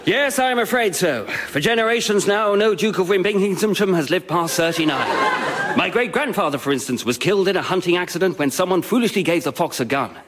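An actor playing a jaunty, upper-class duke with a breezy manner in a comedy sketch. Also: male voice, high voice, lively intonation, a little fast, background noise. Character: doomed aristocratic duke, breezy and cheerful.

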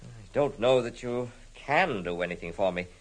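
An actor playing an anxious, formal gentleman worried about his look-alike cousin, in an old radio drama. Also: mid-range voice, lively intonation, moderate pace, natural voice, rough recording. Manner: hesitant, earnest, formal. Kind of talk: 1950s radio drama acting.

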